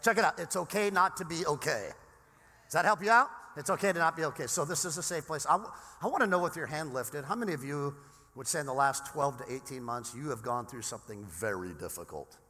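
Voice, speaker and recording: A male pastor from Southern California preaching a sermon in a casual, animated way, with frequent restarts. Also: a little high, quick pace. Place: large church sanctuary. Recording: long reverb in a church hall.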